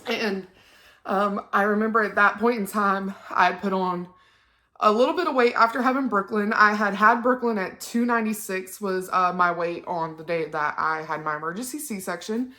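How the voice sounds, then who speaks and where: A woman's voice: medium pitch, normal speed, bright, forceful tone. A young woman, talking one-on-one to her phone camera in a personal vlog, chatty and emotional with many ums. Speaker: vlogger. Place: indoors at home on a couch.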